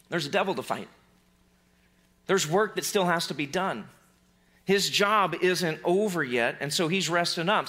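A male pastor preaching a sermon in a conversational way, with playful asides and animated re-enactments of scenes. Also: sits high.

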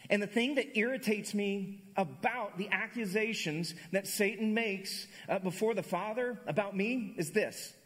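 A male pastor with a high voice, preaching a sermon in a lively, conversational way. He often restarts his phrases, and his voice echoes through a large church hall. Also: unhurried, few pauses. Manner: animated storyteller, conversational with restarts.

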